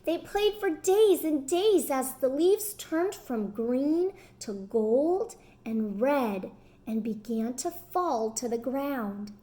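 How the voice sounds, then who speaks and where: A woman reading a picture book aloud to children in an animated way, stopping to ask them questions. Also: high-pitched, slow.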